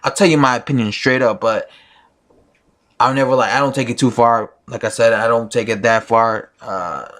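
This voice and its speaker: A boxing YouTuber, a man with a mid-range, slightly bright voice, shares his opinions in a casual vlog. His intonation is fairly even and his pace moderate, and he rambles with plenty of fillers and restarts.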